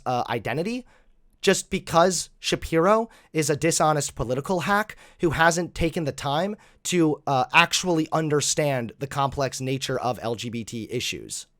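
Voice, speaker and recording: A man hosting reaction commentary, animated, mocking and profane. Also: a little high. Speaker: host.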